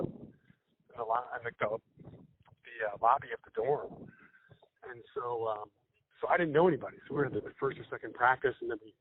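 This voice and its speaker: A man's voice: medium pitch, no room sound. A man, a comedian guest, telling rambling stories in a casual chat with laughs and acted-out quotes. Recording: phone-like narrow band.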